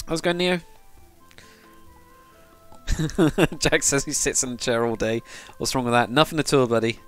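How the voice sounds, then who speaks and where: Soft background music plays under a British man's medium-pitch voice, which is fairly bright, clear, and resonant, at a moderate pace. A livestreamer from the UK, he rambles casually with viewers as he builds in a game, swearing occasionally.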